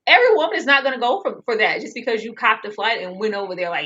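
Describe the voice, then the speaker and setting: A woman co-hosting a reality show breakdown, ranting with animated disbelief in casual chat. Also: on the high side, fast talker, hardly any pauses, slightly rough, muffled recording. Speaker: co-host reviewing a reality show.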